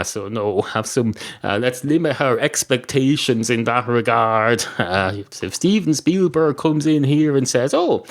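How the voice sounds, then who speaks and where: An Irish man hosting a podcast from his small spare bedroom, delivering a rambling, self-mocking comedy monologue full of ums and uhs. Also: medium pitch. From Ireland. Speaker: podcast host.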